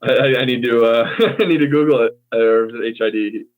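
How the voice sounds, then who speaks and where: A man's voice: mid-range voice, a little fast. An American man explaining English usage in a casual teaching chat, hesitant and full of ums as he corrects himself. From United States. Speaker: co-host and English tutor. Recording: tinny phone-like call audio.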